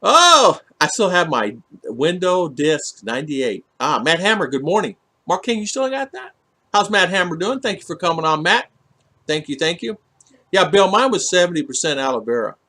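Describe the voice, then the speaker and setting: A man's voice: high voice, very animated, normal speed, bright, forceful tone. A man hosting a casual livestream, reading viewer comments aloud and rambling through them with many fillers and restarts. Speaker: livestream host reading chat. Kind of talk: casual live chat. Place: home in the Philippines.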